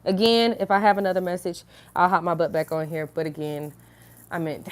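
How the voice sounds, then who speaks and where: A woman's voice: fairly low pitch, brisk. A sleepy woman in a casual, giggly sign-off chat to her viewers. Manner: giggly and silly, breaks into laughter. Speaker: online inspirational speaker.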